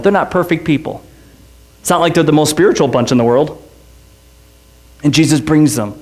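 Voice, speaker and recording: A man preaching a sermon as pastor, swinging between impassioned, rising appeals and quick, conversational storytelling. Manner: impassioned preaching, voice climbing high on repeated lines.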